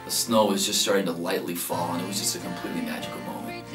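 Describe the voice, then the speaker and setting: A man in his thirties earnestly telling how he proposed, getting animated as he relives his nerves. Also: low voice, fast talker. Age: 30s. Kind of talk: heartfelt interview recollection. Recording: echoey room, distant mic, soft music behind.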